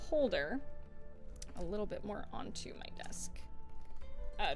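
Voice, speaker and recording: A woman's voice: medium pitch, vocal fry. A young woman streaming from her home desk, chatting casually while she crafts, playful and swearing freely.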